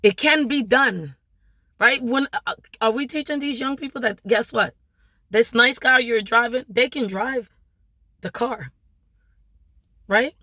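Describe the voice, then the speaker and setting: In studio-quality audio with no echo, a small business owner and vlogger from Maryland speaks in her local accent, her high-leaning voice pushed and bright. She's unhurried and pauses often while giving a fervent motivational talk. Emphatic and preachy, she repeats rhetorical questions with "right?"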